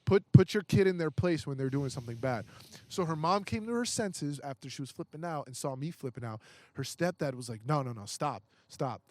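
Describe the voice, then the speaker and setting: In an indoor podcast recording with slight background noise, a young male guest spins a profane, casual story, mimicking what people told him and restarting sentences a lot. His fairly high voice is expressive, brisk and warm.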